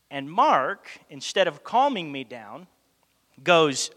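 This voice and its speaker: At a slow pace and in a high-pitched voice, a man preaches a sermon echoing with long hall reverb. He recounts a story animatedly and performs the characters' lines.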